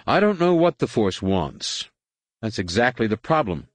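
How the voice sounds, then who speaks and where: A man's voice: on the low side, big pitch swings, moderate pace, dry recording, pitched above the performer's own voice. A man voicing an earnest, idealistic young man who argues with his father. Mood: pleading.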